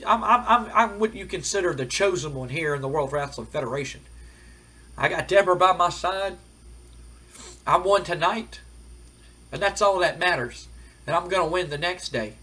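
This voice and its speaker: A man voicing a cocky, boastful male pro wrestler in a game recap, with brash, stammering bragging and a husky voice. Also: high-pitched, expressive, normal speed, long pauses, pushed and bright, voice pushed up, full character voice, low-quality recording.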